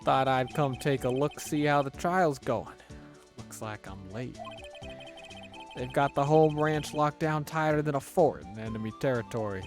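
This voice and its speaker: A man's voice: medium pitch, a little slow, faint music behind, natural voice. A man voicing a folksy, easygoing Texan cowboy detective with a put-on Southern drawl.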